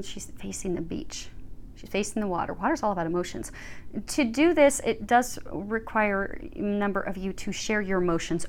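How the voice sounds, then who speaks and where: A woman's voice: medium pitch, a little hiss or hum. A woman giving a casual spiritual tarot reading, chatty and earnest, laughing often and swearing offhandedly. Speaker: tarot reader.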